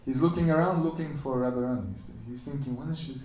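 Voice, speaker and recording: A man's voice: fast talker, slight background noise. Man telling a story in an echoey temple hall. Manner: animated storyteller, acts out the characters' quoted lines in a higher voice. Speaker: temple lecturer. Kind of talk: storytelling sermon. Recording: echoey room, voice from a distance.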